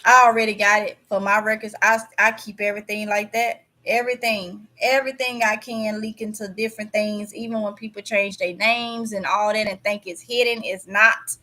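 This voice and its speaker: Bright-voiced woman preaching on a livestream. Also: mid-range voice, steady tone, normal speed, hardly any pauses. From Mississippi. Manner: preachy, emphatic, repeats words for stress. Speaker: YouTube channel host. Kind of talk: casual livestream talk.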